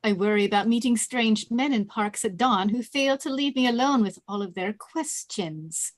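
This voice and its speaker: Woman reading Kate, a proud sharp-tongued young woman. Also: a little high, moderate pace, no echo, natural voice. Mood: prickly. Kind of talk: online table read.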